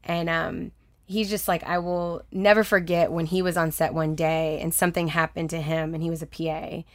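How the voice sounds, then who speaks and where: A lively young woman with a fairly low voice tells a personal story in relaxed conversation. She laughs often and slips into the voices of the people she quotes. The recording is dry and close, with no room sound. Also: normal speed, no echo. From Texas. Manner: chatty, animated, laughs often, acts out quoted dialogue. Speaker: guest.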